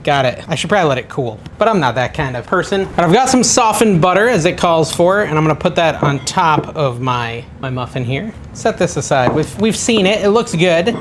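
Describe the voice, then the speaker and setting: A man's voice: a little high, noisy background. A man hosting a casual home cooking vlog, chatting and thinking aloud in his kitchen with a self-deprecating manner. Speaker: cooking channel host.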